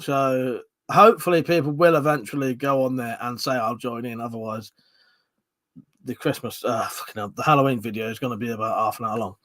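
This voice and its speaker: A man's voice: medium pitch, steady tone, brisk, fairly bright tone, no room sound. A man with a Southern English accent hosting a casual live stream, swearing freely, bantering and reading out viewer comments. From Southern England.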